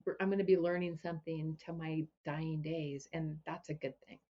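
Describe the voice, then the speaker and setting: A woman business coach and podcast guest, telling stories in a relaxed way and often restarting her phrases. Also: deep voice, normal speed, muffled recording. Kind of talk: casual interview chat.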